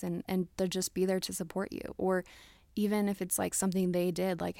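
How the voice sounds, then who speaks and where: The young relationship-advice host speaks a little fast in a lowish, creaky, mellow voice with a level tone and no echo. She's chatty and filler-heavy, leaning on "like" and "you know," and performs example conversations.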